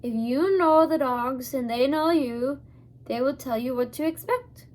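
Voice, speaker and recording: A woman putting on a loud old Scottish man. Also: high voice, a little slow. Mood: knowing. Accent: Scottish (put on). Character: old Scottish man, friendly wagon driver.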